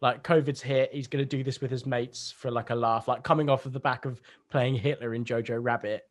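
A man's voice: medium pitch, fairly even intonation, brisk. A young man chatting casually over a video call, rambling through a comedy idea with lots of fillers.

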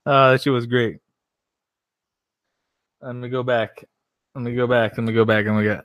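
A man's voice: medium pitch, slow pace, bright, forceful tone, no room sound, studio quality. A young man hosting a livestream, rambling and joking with lots of swearing. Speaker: livestream host. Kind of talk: casual livestream chat.

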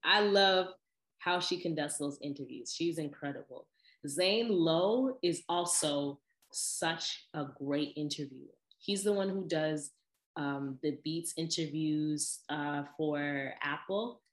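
A podcast host with a low voice chats casually in a loose, animated way, jumping between tangents. She laughs and puts on quick imitated voices. Her voice rings off the walls of an echoey room.

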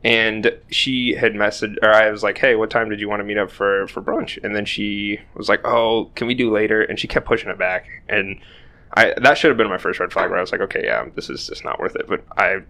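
A man's voice: on the low side, steady tone, fairly quick, sharp tone. A young man telling a rambling, self-deprecating story in casual podcast chat, swearing freely. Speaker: podcast co-host.

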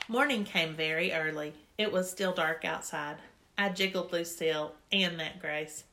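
A woman's voice: on the low side, measured pace, sharp tone, slight background noise. A woman narrating a children's story in a chatty, childlike first-person voice. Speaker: audiobook reader.

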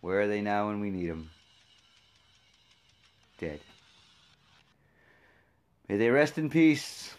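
A man's voice: on the low side, sing-song, slow pace, pauses often. A man hosting his own show in a casual, rambling monologue, swearing freely and joking sarcastically. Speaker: podcast host.

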